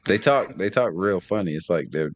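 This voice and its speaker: A man's voice: low voice, lively intonation, moderate pace. A man co-hosting a casual sports podcast, bantering in a laid-back, slangy way. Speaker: podcast co-host.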